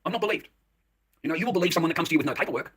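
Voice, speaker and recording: A man's voice: on the high side, rapid-fire, fairly bright tone, breathy edge. A man ranting straight to camera in an agitated, heated way, swearing and speaking to the viewer. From Australia. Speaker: vlogger. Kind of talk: direct-to-camera rant.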